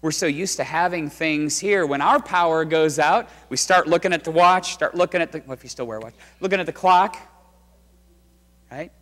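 Pastor guy preaching, high voice, goes loud then real quiet, lots of church echo. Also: normal speed. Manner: conversational, dramatic storytelling from loud to hushed. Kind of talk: sermon. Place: church sanctuary. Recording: reverberant church sanctuary.

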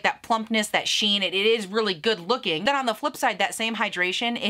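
Woman, 30s, beauty vlogger; bright, punchy tone, casual banter with the odd curse and frequent laughs. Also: mid-range voice. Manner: bubbly, profane, laughs often, talks to herself. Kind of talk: casual makeup review.

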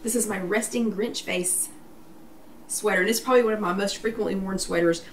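A woman with a mid-range voice, talking a little fast, hosts a live online weight loss workshop, chatty and encouraging as she greets viewers by name and reads their comments aloud. The room is echoey, her voice sounds somewhat distant from the mic, and there's faint background noise.

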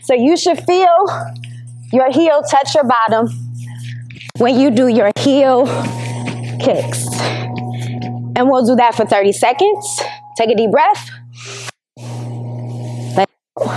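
A high-voiced woman teaches an exercise lesson, speaking slowly and counting down each set. She keeps encouraging the listener and sounds slightly out of breath as she exercises along. Faint music plays behind her. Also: lively intonation, a little mellow, rough recording.

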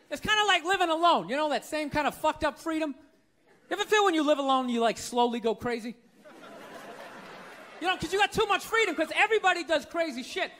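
A man's voice: very high-pitched, bright, forceful tone, a little hiss or hum. A man doing stand-up comedy, ranting in a profane, incredulous way before a live audience. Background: audience laughter.

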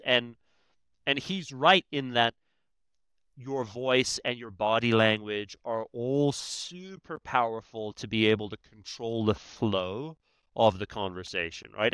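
A man with a bright, smooth, somewhat low voice explains his points emphatically. He often checks in with the listener as he talks. The sound is close and dry. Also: dry recording. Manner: emphatic, many "right?" tags. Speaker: negotiation expert guest. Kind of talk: conversational explaining.

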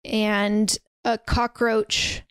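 With a medium pitch, drawn-out words and a slightly bright, clean tone, this podcast host walks through a film scene by scene. Her pitch stays fairly flat, the recording is dry, and her casual recap is chatty, packed with quoted dialogue and fillers.

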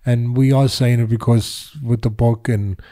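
A man's voice: mid-range voice, steady tone, measured pace, dark tone. An older man, a boxing trainer, telling a story in rambling casual talk with many restarts. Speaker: boxing trainer and podcast guest.

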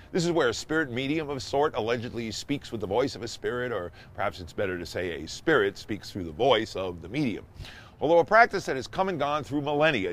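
Animated, wry male storyteller. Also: mid-range voice. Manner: animated, wry and sarcastic, rising to excited emphasis. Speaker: host and storyteller. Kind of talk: storytelling monologue.

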